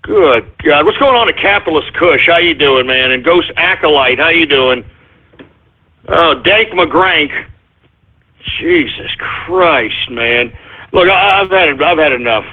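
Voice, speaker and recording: A high-pitched, husky male talk radio host who rants loudly and breaks into shouting, stretching out words for emphasis. His voice comes through a tinny, phone-like radio stream. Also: measured pace. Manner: loud irritated ranting with shouted bursts. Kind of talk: ranting internet radio monologue.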